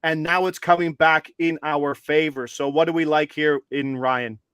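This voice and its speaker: A man's voice: on the high side, normal speed, clean tone, dry recording. A man co-hosting a live sports betting stream, upbeat and walking viewers through each step. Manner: upbeat, steady and instructive, walks viewers through steps. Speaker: co-host.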